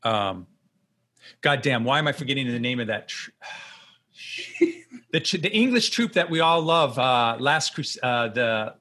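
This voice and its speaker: A man's voice: medium pitch, measured pace. A man hosting a podcast, rambling casually as he tells stories and asks questions. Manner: rambling, animated storytelling. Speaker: podcast host. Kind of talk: casual interview.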